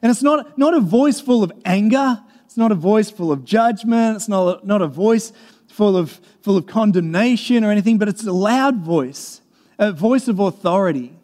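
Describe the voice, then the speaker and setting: A man's voice: high-pitched, expressive, measured pace, a little mellow. A man preaching a sermon in an earnest, conversational way, repeating and restarting phrases as he reads and explains scripture. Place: church. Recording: long reverb of a large hall.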